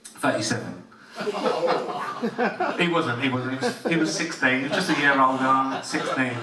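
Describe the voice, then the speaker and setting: A man's voice: mid-range voice, normal speed, recorded from a distance. A man doing a crude, swearing stand-up story set in a comedy club. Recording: roomy club audio, laughing crowd.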